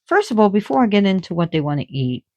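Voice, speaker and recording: A woman explaining spiritual lore in casual talk, excitable and giggly, jumping between soft whispers and loud bursts. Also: lowish voice, fast, dry recording, muffled recording.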